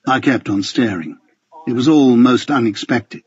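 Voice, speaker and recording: A man's voice: mid-range voice, moderate pace, a little mellow, husky, muffled recording. A man narrating a first-person audiobook with a dry, wry, understated delivery.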